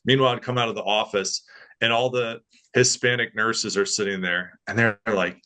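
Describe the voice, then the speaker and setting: Lively low-voiced man telling a story. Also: moderate pace. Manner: animated, acts out others' voices in quotes. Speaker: podcast guest. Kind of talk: casual storytelling.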